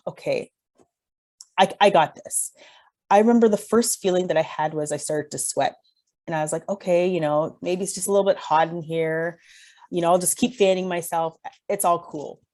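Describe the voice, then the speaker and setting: Low, mellow-voiced woman giving a talk. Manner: earnest, personal storytelling. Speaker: mental health speaker. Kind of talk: presentation talk.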